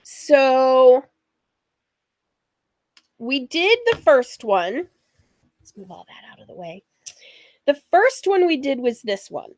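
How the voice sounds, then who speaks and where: Sewing show host, woman, husky from allergies, rambling and unhurried, recorded dry and close. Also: high-pitched, sing-song, darkish tone, no room sound. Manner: rambling, chatty, laughs often. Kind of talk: casual chatty livestream.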